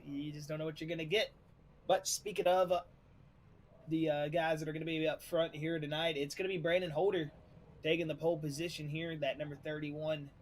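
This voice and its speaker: Male race commentator, relaxed, filler-heavy, slightly high voice, engine noise under it. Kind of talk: sim racing play-by-play commentary.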